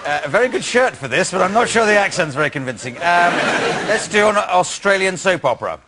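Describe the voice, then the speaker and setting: A man's voice: high-pitched, animated, a little fast. A man hosting an improv comedy show, chatty and a little hesitant. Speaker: game show host. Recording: loud studio audience and noise.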